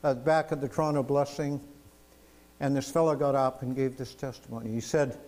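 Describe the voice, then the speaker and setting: A man's voice: mid-range voice, steady tone, fairly quick, darkish tone. A man preaching a sermon, telling testimonies with emphasis and asking the congregation "amen?". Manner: storytelling, emphatic, asks "amen?".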